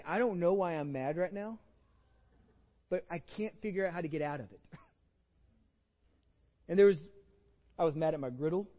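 A man's voice: on the high side, big-room sound, muffled recording. A pastor with a Texan accent, preaching a conversational sermon, often repeating words as he starts a phrase. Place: church sanctuary.

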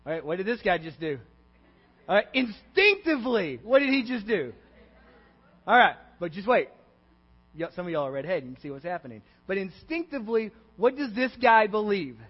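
Very animated, a pastor with a high-sitting voice preaches at normal speed, constantly asking the congregation questions and checking in with "okay?" and "all right?". His church sanctuary sermon comes through a dull, echoey recording with mains hum.

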